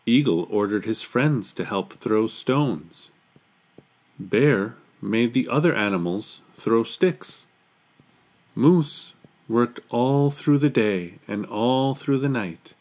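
A man reading a children's picture book aloud in an unhurried, expressive storytelling manner. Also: medium pitch.

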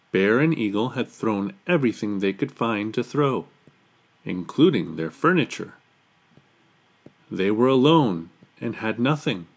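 A man reading a children's picture book aloud in an unhurried, expressive storytelling manner. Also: mid-range voice.

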